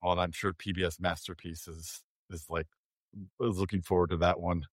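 A man hosting an interview, chatting in a relaxed way and asking questions. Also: low voice, a little fast, no echo. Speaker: interviewer host. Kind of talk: casual interview.

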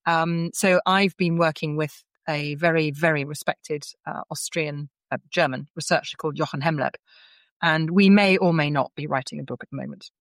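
A woman's voice: low-pitched, normal speed, no room sound. A middle-aged woman, an author being interviewed, telling stories and acting out the dialogue. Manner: animated, acts out quoted dialogue, frequent restarts. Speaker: author guest. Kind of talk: conversational interview storytelling.

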